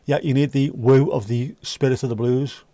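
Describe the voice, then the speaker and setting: Bantering with viewers in a sweary, joking way, this livestream host reads out chat during a casual stream. His medium-pitched voice keeps fairly even intonation at a normal speed, dark in tone, with no room sound at all.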